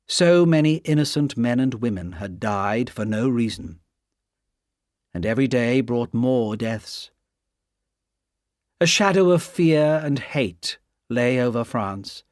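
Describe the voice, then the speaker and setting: A male audiobook narrator reads a classic novel slowly and expressively. His pitch rises and falls a lot, and the sound is close and dry with no room echo. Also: darkish tone. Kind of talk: scripted narration.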